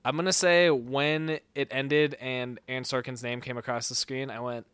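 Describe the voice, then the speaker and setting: Young guy podcast host rambling about movies, smooth clear voice, dry mic. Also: medium pitch, fairly even intonation, normal speed, a bit bright, dry recording. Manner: rambling, hedging with fillers. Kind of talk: casual movie review chat.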